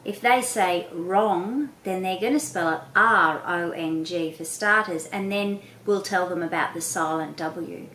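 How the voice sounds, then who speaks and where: A woman patiently explaining children's speech sounds to parents, sounding out each sound slowly and clearly. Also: fairly low pitch, sharp tone, roomy sound, slight background noise, low-quality recording. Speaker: literacy educator. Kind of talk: instructional talk to parents.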